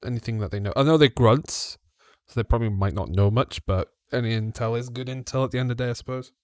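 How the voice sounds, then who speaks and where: A man's voice: mid-range voice, quick pace, no room sound, clean studio sound. Chatty man at a tabletop game. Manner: chatty, restarts and fillers, probing questions. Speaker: player. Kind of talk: casual in-character tabletop play.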